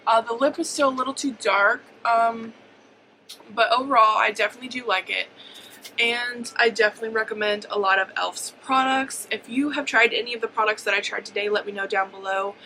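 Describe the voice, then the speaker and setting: A woman in her twenties chats her way through a makeup tutorial in a bright, lively voice. She rambles a bit, full of ums and likes, and calls herself hyper. A faint hiss sits under the home camera recording. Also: a little high, fairly quick, rough recording. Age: 20s. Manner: chatty, hyper, rambling with fillers. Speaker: beauty vlogger. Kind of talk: casual makeup tutorial talk.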